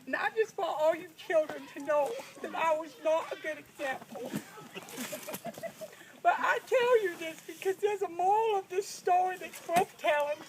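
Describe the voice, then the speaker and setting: A woman's voice: very high voice, moderate pace. A woman playing a folksy, plainspoken rural storyteller, telling a comic tale with drawling, giggling asides. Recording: noisy recording.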